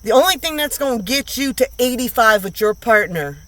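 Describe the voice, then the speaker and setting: A woman reads tarot in a casual, unscripted way, with a bright, sharp edge to her voice. She talks bluntly, piles up slang and swearing, and hammers her points home by repeating them. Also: on the high side, lively intonation, a little fast. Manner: emphatic, blunt, repeats lines for emphasis; slangy and profane. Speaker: tarot reader.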